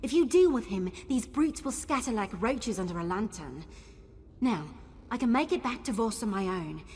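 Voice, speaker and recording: An actress playing a plucky, brisk female ally in a fantasy game, with a New Zealand accent and a breathy voice. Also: fairly high pitch, lively intonation, a little mellow, long reverb tail, a little hiss or hum.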